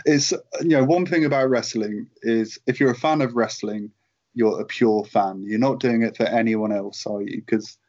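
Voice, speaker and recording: A man's voice: mid-range voice, fairly even intonation, normal speed, a little mellow. A British man in his late thirties, a guest telling a long casual story with many fillers and chuckles. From United Kingdom. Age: late 30s. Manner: rambling storyteller, lots of fillers and laughs. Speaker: guest, merchandise writer. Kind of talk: casual anecdote in interview. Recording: dull lo-fi call audio.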